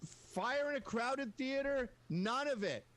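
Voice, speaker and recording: A combative man in his fifties with a high voice, arguing hard in a heated debate. He swears freely and climbs in pitch as he pushes his point. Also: lively intonation, unhurried, slight background noise. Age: 50s. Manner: combative, swearing, rising to a shout when riled.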